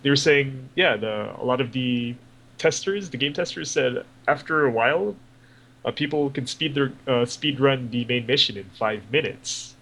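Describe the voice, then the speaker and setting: A man's voice: medium pitch, normal speed, vocal fry, a bit bright, low-quality recording. A man co-hosting a podcast, rambling casually about video games with lots of fillers and swearing. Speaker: podcast co-host. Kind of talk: casual gaming chat.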